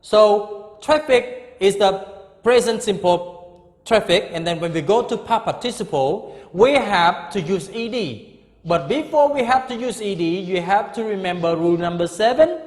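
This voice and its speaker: Slow, high-voiced male English teacher. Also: animated, echoey room, long reverb tail. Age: middle-aged. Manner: slow, repeats each word several times, checks with "okay?". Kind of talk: grammar lesson.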